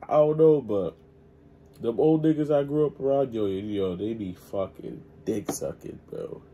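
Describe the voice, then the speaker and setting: A man's voice: fairly low pitch, lively intonation, moderate pace, dark tone, highs cut off, a little hiss or hum. A man hosting a reaction video, talking in casual, emphatic slang. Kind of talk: reaction commentary.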